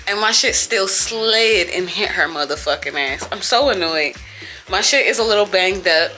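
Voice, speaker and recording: A woman's voice: medium pitch, animated, normal speed, sharp tone, faint music behind. A young woman vlogger talking casually and venting, with a lot of profanity and frustration.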